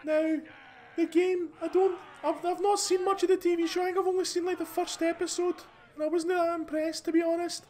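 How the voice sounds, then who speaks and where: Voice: very high voice, little pitch movement, fairly quick, darkish tone. A host with a Scottish accent giving casual, rambling commentary over gameplay, chatty and full of restarts. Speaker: gaming channel host.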